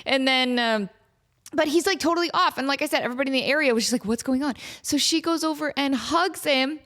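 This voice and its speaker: Woman podcast host, thirties, high voice, casual comic storytelling, animated. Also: quick pace. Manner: animated, often laughing, acts out the people in her stories.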